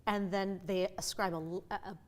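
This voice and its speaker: A middle-aged woman who coaches speakers, explaining her ideas in an animated, conversational interview with playful asides. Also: mid-range voice. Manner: animated, with quick vivid asides and playful voices. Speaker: voice and communication coach.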